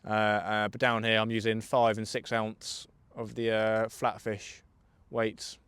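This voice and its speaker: A young Englishman livestreams while fishing from a riverbank outdoors, joking casually and answering viewers' questions. His voice is lowish, a bit bright, clear and resonant, with a completely flat delivery and a measured pace. No room sound is present.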